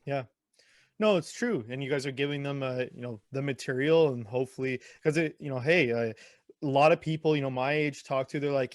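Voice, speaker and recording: Casual interview host, dry close sound. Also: male voice, mid-range voice, fairly quick, no echo. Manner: casual, agreeable, lots of fillers like "you know". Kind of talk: conversational interview.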